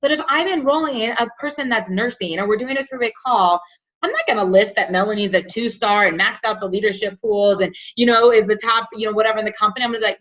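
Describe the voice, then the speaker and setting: A woman hosting and coaching a team call, animated, acting out little scenes with lots of fillers. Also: on the high side, fast. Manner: animated, acts out quotes, says like and you know a lot. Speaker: team leader and call host. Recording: muffled lo-fi call audio.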